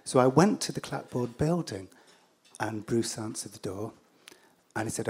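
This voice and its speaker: An English man telling a story live to an audience, wry and self-deprecating, with halting fillers. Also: mid-range voice, expressive, darkish tone, husky.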